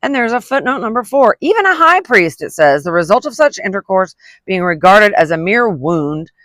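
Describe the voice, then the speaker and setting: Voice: medium pitch, very animated, normal speed, fairly bright tone, dry recording. Vlogger reading a text aloud, indignant side comments, trips over hard words, dry close recording. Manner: reads quoted passages, then breaks off into indignant asides; stumbles over unfamiliar words and retries them.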